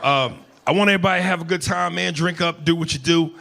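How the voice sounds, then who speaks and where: A male stand-up comedian performing profane, shouty stand-up comedy in a noisy live club with a crowd. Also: a little high, fast, creaky.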